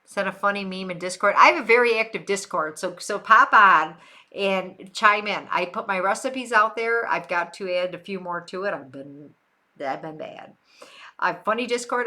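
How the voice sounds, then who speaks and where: Here the same older woman from Western New York is live, casually responding to her viewers and repeating phrases for emphasis. Her fairly low voice sounds pushed and bright.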